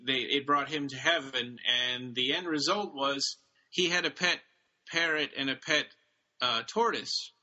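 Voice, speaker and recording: Bright-voiced man recapping a story. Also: medium pitch, dull audio. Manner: retells stories loosely, with many fillers. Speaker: podcast co-host. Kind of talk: casual chat about books.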